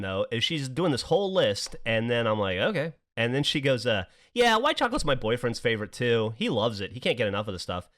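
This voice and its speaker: A man's voice: mid-range voice, fairly bright tone. A man hosting a podcast, telling a rambling story with frequent laughs and swearing. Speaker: podcast host. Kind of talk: casual podcast chat.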